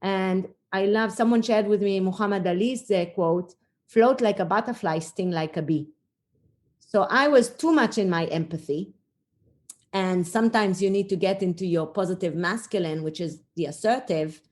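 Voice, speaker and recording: A middle-aged woman speaks as a podcast guest, reflective and earnest as she works through her own story. Her voice sits at an ordinary middle pitch and often pauses on small fillers while she gathers her thoughts. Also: a little mellow. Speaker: podcast guest, leadership coach. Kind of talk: conversational interview storytelling.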